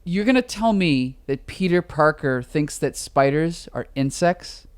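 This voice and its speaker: A man co-hosting a podcast, chatting casually and critically about comics with an exasperated, animated manner. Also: on the high side, a little slow, clean tone. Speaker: podcast co-host. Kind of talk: casual comic review chat.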